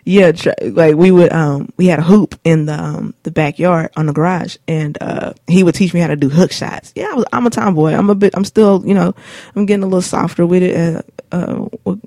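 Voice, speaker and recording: Gravelly, mellow-voiced woman in her late 20s. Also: on the low side, a little fast, no room sound, clean studio sound. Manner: laid-back, rambling, slangy, many fillers. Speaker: show host. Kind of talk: casual personal storytelling. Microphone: studio mic.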